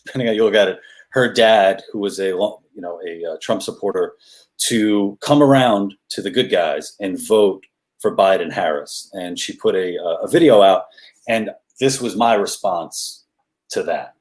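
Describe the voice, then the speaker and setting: A man guesting on a chat show as a comedian, talking casually in a halting way with many restarts. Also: lowish voice, a little mellow.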